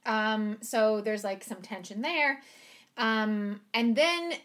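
A woman's voice: fairly high pitch, slow, fairly bright tone. A woman co-hosting a podcast in casual chat, recapping a show with lots of "like" and "um" and easy laughter. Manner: chatty, lots of "like" and "um", laughs easily.

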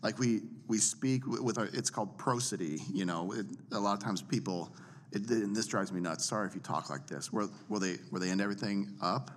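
A man coaching others on public speaking in a casual teaching chat, animated and fond of acting out examples. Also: a little fast. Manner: animated, demonstrates voices by swinging pitch widely. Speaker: preaching coach.

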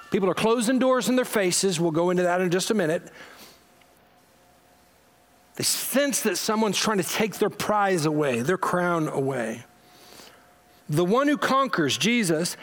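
Guy preaching, kinda high voice, chatty sermon, lots of uhs and restarts, gets loud then drops quiet. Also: expressive, unhurried, pauses often. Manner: conversational preaching, swings from loud emphatic bursts to low quiet asides; frequent fillers and restarts. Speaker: pastor.

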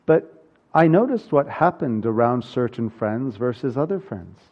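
A man's voice: mid-range voice, lively intonation, a little slow, muffled recording. A man preaching a sermon from the pulpit, earnest and building to emphatic peaks. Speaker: pastor.

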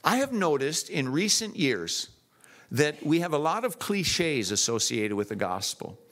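A man preaching a sermon in church, telling stories in a lively, animated way. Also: on the high side, measured pace.

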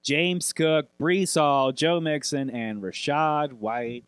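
A man's voice: on the high side, takes it slowly, fairly bright tone, smooth, dry recording. A man co-hosting a fantasy football podcast, rattling off player lists in crude, joking casual chat. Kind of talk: profane casual sports chat.

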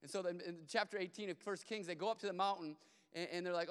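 A man's voice: high voice, fairly even intonation, rapid-fire, fairly bright tone, clear, resonant tone. A man preaching a sermon as pastor, telling a Bible story in a casual way with playful asides, recorded in a church sanctuary. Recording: long church hall reverb.

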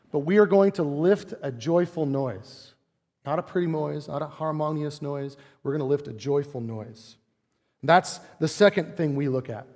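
A man's voice: high voice, darkish tone, big-room sound. A pastor in his forties preaching a sermon in a conversational, playful way, often asking the congregation rhetorical questions. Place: church sanctuary.

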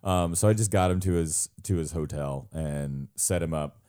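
A man's voice: extremely low pitch, normal speed, dark tone, clean tone. A young man co-hosting a podcast, telling a long funny story in casual chat, laughing often and mimicking other people's voices. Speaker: podcast co-host.

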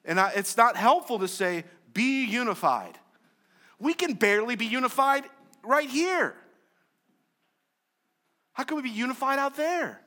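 Bright-voiced male pastor preaching. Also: extremely high pitch, expressive, moderate pace, pauses often. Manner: conversational, joking asides, wide swings from loud to soft. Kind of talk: sermon.

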